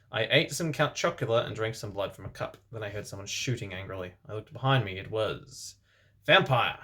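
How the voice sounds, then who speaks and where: A man reading fan fiction aloud for comedy as host, breaking off for deadpan, sarcastic asides. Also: lowish voice. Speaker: reader and host.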